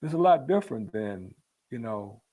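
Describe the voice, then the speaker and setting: A man's voice: medium pitch, very animated, normal speed, mellow, breathy edge. A man leading a spiritual book discussion in an earnest, repetitive teaching manner that builds to emphatic peaks. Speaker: book club leader.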